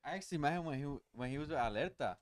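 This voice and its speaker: A man's voice: a little high, lively intonation, rapid-fire. A man chatting casually on a podcast, rambling and laughing often. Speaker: podcast guest musician. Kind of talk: casual chat.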